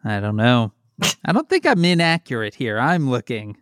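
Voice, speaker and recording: Dry, teasing man with a lively voice. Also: medium pitch, moderate pace, smooth, no room sound. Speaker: podcast co-host. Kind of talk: casual chat.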